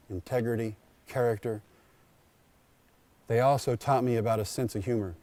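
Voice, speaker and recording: A man giving a storytelling speech at a school district convocation, in short punchy sentences with dramatic pauses. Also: fairly low pitch, fairly even intonation, warm tone, dry recording. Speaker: keynote speaker.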